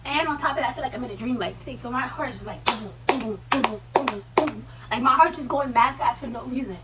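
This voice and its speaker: A young woman vlogger telling a personal story in a casual, slangy, animated way, with quoted asides. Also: high voice, very fast, recorded from a distance, heavy background noise.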